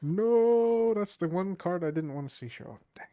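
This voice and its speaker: A man's voice: high-pitched, animated, moderate pace, warm tone, no echo, highs cut off. A man playing a card game with a friend, answering briefly and groaning in mock dismay at bad draws. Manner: easygoing, short replies, mock dismay. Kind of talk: casual game chat over a call.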